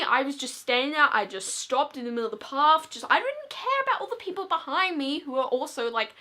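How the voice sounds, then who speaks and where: A woman's voice: fairly high pitch, pushed and bright. A teenage girl telling a dramatic story in a chatty vlog, filling her speech with "like". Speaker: vlogger.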